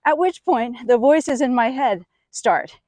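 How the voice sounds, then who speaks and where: A middle-aged woman telling a personal story in an animated, expressive way. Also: a little high, takes it slowly, dry recording. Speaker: speaker. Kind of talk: storytelling talk.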